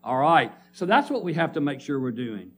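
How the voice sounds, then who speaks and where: With slight noise in the background, a male preacher delivers a sermon in a sing-song, high-leaning voice at normal speed. He reads scripture aloud and emphatically calls on the congregation to answer back.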